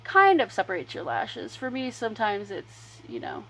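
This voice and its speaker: A woman hosting a casual makeup livestream, rambling chattily between applying mascara and pitching her products. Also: huge pitch swings, moderate pace, fairly bright tone, a little hiss or hum, low-quality recording. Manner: chatty and rambling, drifting between demo and sales talk. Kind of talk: casual makeup tutorial chat.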